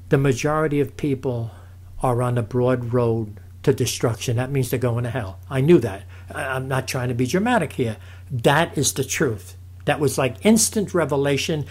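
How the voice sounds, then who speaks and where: A man's voice: medium pitch, a little mellow. A man giving a fervent preaching testimony, calling his listeners "folks" again and again. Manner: fervent, repeats "folks" often.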